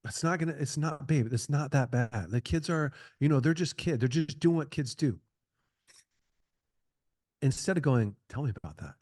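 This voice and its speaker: A man's voice: on the high side, moderate pace, pauses often, darkish tone, no room sound, clean studio sound. A middle-aged man speaking as a podcast guest, giving earnest advice in a conversational way, repeating and restarting his phrases.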